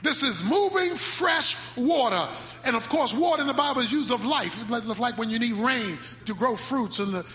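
A man preaching a sermon with speech, swinging between sudden shouts and slow, drawn-out phrases. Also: very high voice, lively intonation. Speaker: pastor. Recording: echoey hall with faint music.

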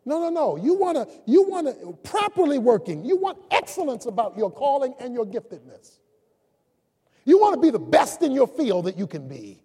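High-voiced, animated preacher in an echoing hall. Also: male voice, normal speed, breathy edge. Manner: emphatic preaching, rising to shouts on key words. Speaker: pastor. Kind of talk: sermon. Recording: long reverb of a large hall.

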